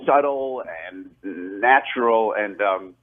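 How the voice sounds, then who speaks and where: A man in his forties talks casually as a radio guest, heard through a tinny, phone-like line. He rambles, laughs at himself and restarts his sentences often. His voice sits at a middle pitch for a man. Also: takes it slowly. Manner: rambling, self-deprecating, many restarts and laughs. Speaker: actor and film director, guest.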